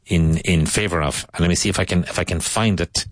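A man with an Irish accent explaining patiently in casual talk, pausing to search for words, as a teacher. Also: deep voice, fairly even intonation, no room sound.

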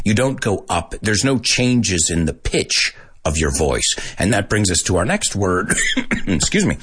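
A man teaching English vocabulary in a casual, animated lesson, mixing English with Spanish and laughing often. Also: deep voice, normal speed, breathy edge.

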